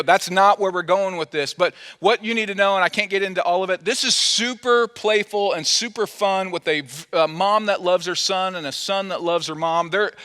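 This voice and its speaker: A man's voice: sits high, pushed and bright, smooth. A man preaching a sermon as pastor in a conversational, playful way, acting out the quotes he tells. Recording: long hall reverb.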